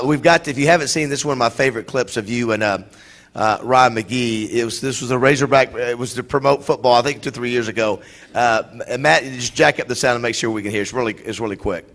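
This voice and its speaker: A man's voice: medium pitch, fairly bright tone. A man hosting a live club event, interviewing his guest with many fillers and restarts. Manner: rushed, full of fillers and restarts. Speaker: event host.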